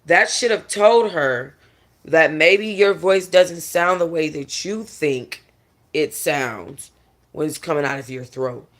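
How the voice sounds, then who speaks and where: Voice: mid-range voice, takes it slowly. A vlogger giving a casual, opinionated music review, gossipy and blunt, talking straight to viewers and swearing freely. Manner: animated, blunt and profane, with mocking impressions.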